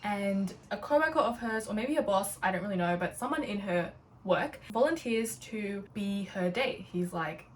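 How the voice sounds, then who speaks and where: A woman's voice: medium pitch, animated, moderate pace. Young woman, bubbly and chatty, casual vlog delivery, slightly distant mic with light room noise. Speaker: book vlogger. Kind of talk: casual book haul chat.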